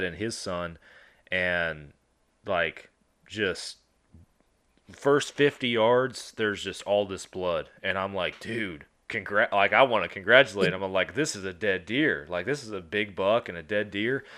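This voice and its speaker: Deep-voiced man telling hunting stories. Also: unhurried. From West Virginia. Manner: relaxed storyteller, animated when retelling exchanges. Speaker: podcast co-host. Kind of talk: casual chat.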